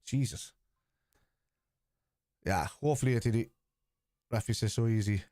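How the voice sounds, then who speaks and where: A man's voice: mid-range voice, moderate pace, dark tone, no echo, studio quality. A man hosting a live football watchalong, chatting casually and answering viewers' comments.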